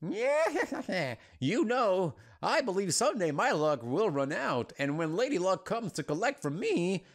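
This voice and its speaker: A man's voice: high voice, huge pitch swings, unhurried, vocal fry, few pauses, pitched above the performer's own voice, full character voice. A man voicing a boastful male gambler in an old west game, talking in a grandiose, devil-may-care way.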